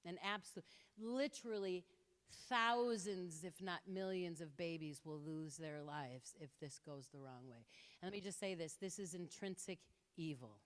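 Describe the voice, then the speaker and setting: A woman giving an impassioned talk to an audience, telling stories with lively quoted voices. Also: on the low side, normal speed. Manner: animated storytelling with quoted voices. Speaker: speaker. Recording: reverberant hall.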